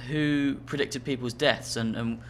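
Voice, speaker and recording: A man's voice: medium pitch, fairly even intonation, unhurried, slight background noise. A man co-hosting a podcast, reading listener emails aloud with dry, wry humour. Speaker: podcast co-host. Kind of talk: casual comedic chat.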